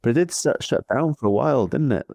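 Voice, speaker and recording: A Welsh man, a pro cyclist co-hosting a cycling podcast, tells stories in a laid-back, chatty way during casual podcast talk. His medium-pitched voice is expressive and fast, with vocal fry and a darkish tone, in a dry recording.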